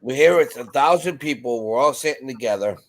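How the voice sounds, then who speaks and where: A man chatting on a video call, telling lively anecdotes and putting on voices for the people in them. His voice sits at an ordinary pitch for a man. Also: fairly quick. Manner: animated storyteller, acts out quotes. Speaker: panel guest. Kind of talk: casual chat.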